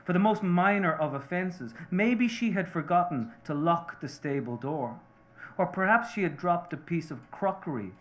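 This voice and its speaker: A male author reads a passage from his novel aloud. His delivery is slow and measured, and his voice sits slightly high. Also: lively intonation, fairly bright tone.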